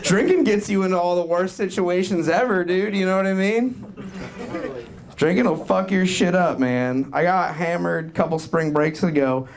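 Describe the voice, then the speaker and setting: A young man from Florida doing a rambling, profane stand-up set, building to loud punchlines. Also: high voice, moderate pace. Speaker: stand-up comedian. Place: comedy club with live audience. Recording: crowd noise from live club. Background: crowd laughing.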